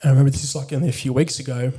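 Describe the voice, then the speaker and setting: A man's voice: mid-range voice, flat delivery, racing, mellow, husky. A man, a military veteran telling personal stories candidly as a podcast guest, bluntly and with a lot of swearing and fillers. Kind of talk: candid conversational storytelling.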